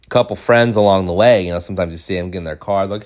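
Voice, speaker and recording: A man's voice: low voice, rapid-fire, a little mellow. A man in his thirties telling a casual, rambling, jokey story from his childhood, acting out bits of it. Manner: rambling, jokey, acts out voices. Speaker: podcast storyteller.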